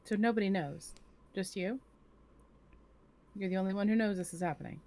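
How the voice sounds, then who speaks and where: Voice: mid-range voice, normal speed, darkish tone. A player in a tabletop game, teasing and suspicious in character.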